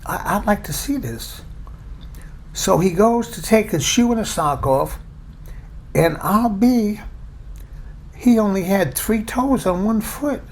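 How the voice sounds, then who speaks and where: Gravelly-voiced man telling a story. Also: high voice. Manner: chatty, plainspoken, self-deprecating. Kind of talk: casual personal storytelling.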